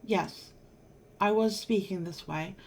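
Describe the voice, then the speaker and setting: A woman's voice: mid-range voice, normal speed, darkish tone. A married woman vlogger telling a personal story to camera in an emphatic, exasperated way, now and then swearing. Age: adult, married.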